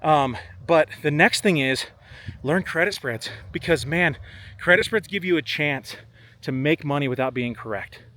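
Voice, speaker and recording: A man's voice: fairly high pitch, normal speed. A young man, a trader, chatting casually to camera outdoors on a golf course, a bit out of breath, peppering his talk with "like" and "man". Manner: relaxed, chatty, uses "like" and "man" a lot. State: slightly out of breath. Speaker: options trader and vlogger.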